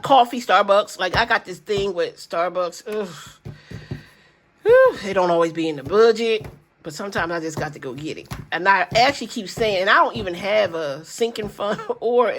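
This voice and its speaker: A woman's voice: mid-range voice, a little hiss or hum. Chatty grandmother vlogger, easygoing. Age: older. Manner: chatty, rambling, addresses viewers as y'all. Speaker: budgeting vlogger. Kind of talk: casual chat to viewers.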